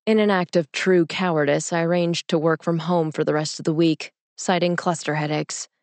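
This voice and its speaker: A young woman with a low voice narrates a personal story in a calm, measured, inward-looking way. The recording is close and dry, with no room sound. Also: no room sound. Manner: calm, measured, introspective reading. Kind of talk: audiobook reading of a personal story.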